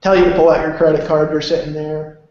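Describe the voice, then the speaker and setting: This motivational speaker talks fast in a slightly high, a little mellow voice that barely moves in pitch. His talk rambles, stays emphatic, and is peppered with casual cursing, all captured in a very echoey, dull, lo-fi room.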